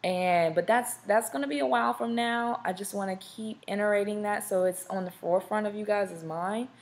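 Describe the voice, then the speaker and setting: A young woman from Southern California hosts a live podcast, talking casually and directly to viewers. Her voice sits in the mid range at a moderate pace, and she rambles with plenty of fillers and restarts.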